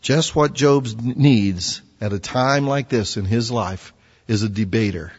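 A man's voice: medium pitch, a little slow, breathy edge. A man preaching a sermon in a conversational way, full of rhetorical questions. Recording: dull sound with long hall reverb.

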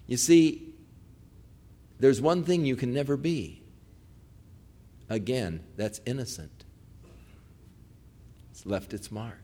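A man preaching a sermon, telling a folksy personal story, then dropping from loud proclamation to hushed pleading. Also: mid-range voice, slow, pauses often. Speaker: pastor.

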